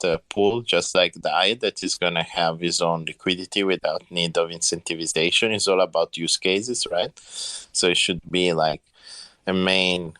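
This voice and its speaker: A man, a project founder answering questions in a live audio Q&A, halting with many fillers and phrasing. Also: deep voice, pushed and bright, no room sound.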